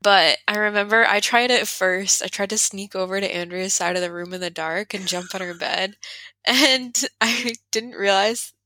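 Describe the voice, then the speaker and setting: Bright, giggly young woman in casual chat. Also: mid-range voice, normal speed, no room sound. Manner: giggly, laughs often while talking. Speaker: podcast co-host.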